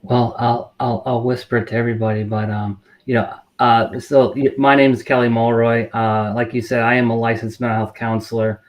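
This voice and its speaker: Middle-aged guy, monotone, lots of ums, guest on a talk show, measured. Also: mid-range voice. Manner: measured, many fillers and restarts. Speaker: mental health counselor. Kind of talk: interview guest.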